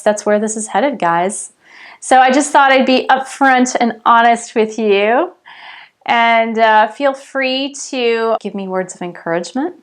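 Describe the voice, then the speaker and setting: A woman who works as a spiritual coach, talking to her viewers in a casual vlog. She is chatty and animated and keeps addressing them directly. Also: mid-range voice.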